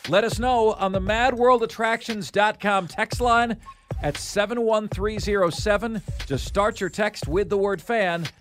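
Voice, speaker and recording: An energetic man with a high voice hosts a sports talk radio countdown at an unhurried pace, calling his listeners "folks." Faint music plays underneath.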